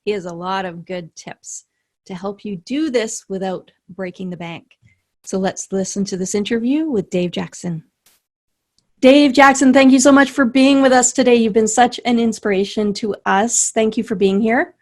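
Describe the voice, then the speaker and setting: A woman's voice: medium pitch, normal speed, darkish tone. A woman hosting an interview podcast, enthusiastic and admiring toward her guest, laughing often. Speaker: podcast host. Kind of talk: casual interview.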